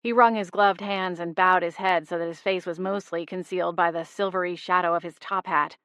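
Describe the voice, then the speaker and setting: A woman's voice: fairly low pitch, fairly even intonation, brisk, a bit bright, smooth, no echo, studio quality. A woman narrating a humorous cozy mystery audiobook in first person, with a wry, lightly humorous delivery.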